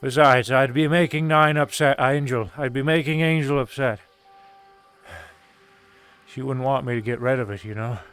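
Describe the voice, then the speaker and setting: A man's voice: medium pitch, moderate pace, pauses often, a bit bright, smooth, faint music behind, lightly acted. A man playing a chatty role-play craftsman with a put-on British accent, musing in a meandering, hesitant way full of fillers. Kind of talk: live-streamed role-play.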